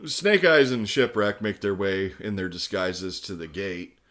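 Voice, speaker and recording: A man's voice: low voice, expressive, a little slow, fairly bright tone. A man on a podcast casually recapping a cartoon episode, often laughing as he tells the plot. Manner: laughs through plot summaries and quotes. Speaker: podcast co-host.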